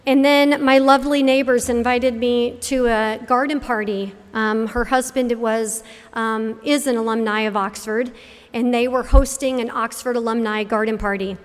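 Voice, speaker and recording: A woman's voice: on the high side, fairly even intonation, normal speed. A middle-aged woman from Connecticut telling a personal faith testimony, acting out the voices of the people in her story. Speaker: speaker giving a faith testimony. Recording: hall reverb.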